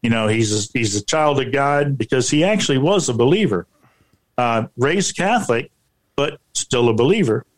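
A man working as a paranormal researcher tells a personal story in a halting way, often repeating himself and filling gaps with "you know". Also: mid-range voice, lively intonation.

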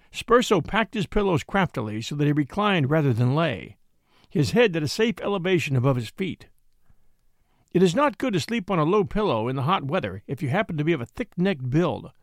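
A man narrating a story as an audiobook, in an expressive, measured storytelling manner. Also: fairly high pitch, creaky, dry recording, clean studio sound.

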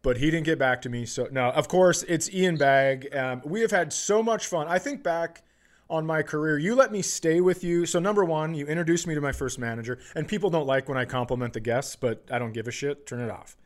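A man's voice: a little high, brisk. A man hosting a podcast, chatting casually and telling a profane story while acting out quotes. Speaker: podcast host.

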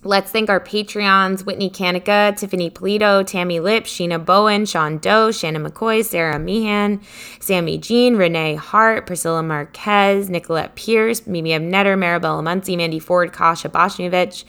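Bright, crisp-voiced woman podcast co-host. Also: lowish voice, steady tone. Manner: bubbly, quick to laugh, lots of "like". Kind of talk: casual chat.

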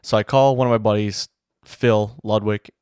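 A man recounting a bowhunt in a casual, rambling and excited way, full of fillers like "you know". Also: fairly low pitch, moderate pace, smooth, dry recording, studio quality. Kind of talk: casual storytelling to camera.

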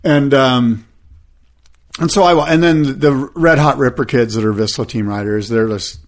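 A man's voice: medium pitch, normal speed. A man co-hosting a podcast, chatting casually and telling rambling stories, acting out the people he quotes. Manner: rambling storyteller, animated quoting. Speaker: podcast co-host. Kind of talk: casual chat.

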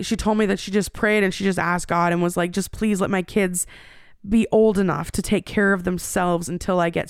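A woman in her thirties talks through a personal story, candid and rambling, with plenty of fillers and restarts. Her voice has a gravelly edge, yet it stays smooth and resonant. It is recorded close and dry. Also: on the low side, no echo. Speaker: podcast host.

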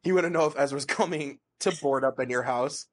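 A man's voice: mid-range voice, brisk, a little hiss or hum. A man co-hosting a podcast in casual chat, rambling with lots of fillers and frequent laughs, in a hazy, stoned state. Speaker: podcast co-host.

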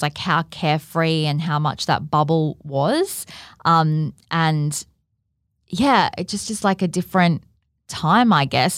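A woman's voice: lowish voice, dry recording, clean studio sound. A woman hosting a podcast, telling a personal story in a chatty way with lots of "like" fillers. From Australia. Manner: chatty, leans heavily on "like" fillers. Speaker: podcast host. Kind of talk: casual storytelling monologue.

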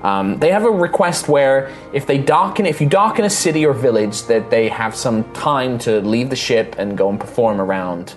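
A man running a tabletop game as game master, narrating lively and sometimes slipping into a Southern drawl. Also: mid-range voice, moderate pace, few pauses, faint music behind. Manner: lively, voices characters, slips into a Southern drawl.

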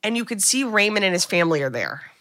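Bright, animated woman podcast host. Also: mid-range voice, fast talker. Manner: animated, acts out characters' lines. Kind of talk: casual movie recap.

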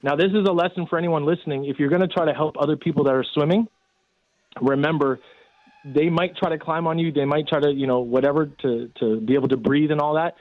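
A man's voice: on the high side, fairly even intonation, quick pace, no room sound. A man in casual storytelling, rambling with many fillers as he recounts events. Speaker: guest telling a rescue story. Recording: tinny phone line.

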